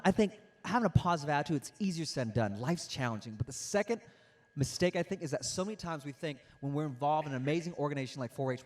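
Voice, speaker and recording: An animated young man delivering a motivational talk to young people. His voice sits a little high for a man, and he speaks with lively, storytelling energy, drawing the audience in with questions. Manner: animated, interactive, storytelling with acted-out quotes.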